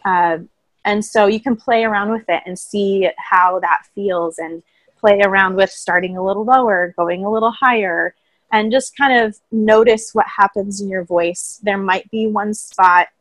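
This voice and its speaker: Woman guest, calm explainer, middle pitch, dry close mic. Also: a little slow, dry recording, low-quality recording. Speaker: voice coach guest. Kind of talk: casual interview chat. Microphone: own microphone, remote call.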